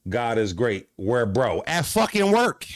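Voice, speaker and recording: Animated streamer man, dry close mic. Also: medium pitch, unhurried, no echo. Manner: animated, profane street slang, talks back to chat. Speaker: streamer reacting to chat. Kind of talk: casual livestream talk.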